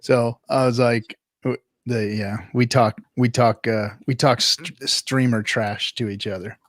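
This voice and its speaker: A man's voice: medium pitch, steady tone, measured pace, no echo. A man co-hosting a show, chatting casually, laughing often and restarting his sentences. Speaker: podcast co-host. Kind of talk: casual chat.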